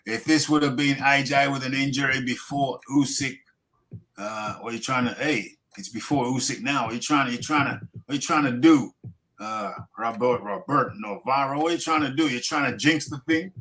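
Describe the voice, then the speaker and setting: A man's voice: medium pitch, a little fast, fairly bright tone, rough recording. A man hosting a boxing talk show, chatting casually with wry jokes and lots of repetition. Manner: repeats himself, wry and joking. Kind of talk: casual live podcast chat.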